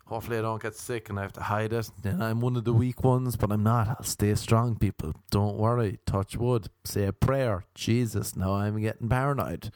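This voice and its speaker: A man's voice: fairly low pitch, fairly even intonation, normal speed, hardly any pauses, a little mellow, dry recording. A man doing a casual comic monologue, rambling, profane and self-mocking.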